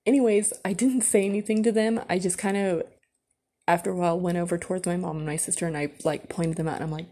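A woman's voice: fairly low pitch, fairly even intonation, moderate pace, dark tone. A young woman, casually telling a personal story on her podcast, full of fillers and swearing. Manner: chatty, lots of fillers and swearing. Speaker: podcast host.

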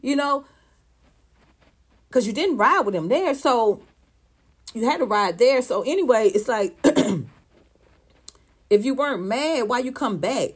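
A woman's voice: a little high, expressive, takes it slowly, pauses often, breathy edge. A woman giving heated celebrity gossip commentary, blunt and profane, firing off sarcastic rhetorical questions.

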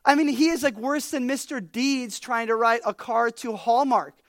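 A woman's voice: on the high side, normal speed, dry recording, clean studio sound. Chatty, joking woman preacher. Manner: chatty, animated, uses lots of "like". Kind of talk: casual, humorous sermon.

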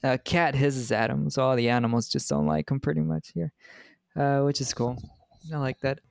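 A man's voice: mid-range voice, expressive, moderate pace, vocal fry, no room sound, clean studio sound. A man co-hosting a podcast, casually retelling a film's scenes and laughing often as he goes. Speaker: podcast co-host. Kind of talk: casual movie recap chat.

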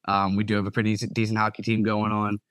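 A young man, a nurse and podcast co-host, telling a profane, animated story in casual talk. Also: lowish voice, fast talker, dry recording. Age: young adult.

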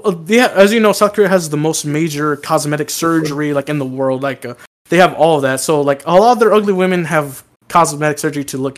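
Rowdy animated man telling a story. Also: fairly high pitch. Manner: loud animated storytelling, swearing. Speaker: podcast co-host. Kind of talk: casual crude podcast chat.

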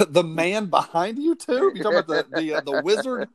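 A man's voice: sits high, big pitch swings, moderate pace, a loud crowd. A man as a guest on a casual podcast, wry with dry humor.

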